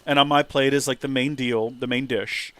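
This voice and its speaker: A man chatting casually over gameplay, animated and prone to high excited exclamations. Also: moderate pace, dry recording. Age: 30s. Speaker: let's play streamer. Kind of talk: casual gameplay commentary and storytelling.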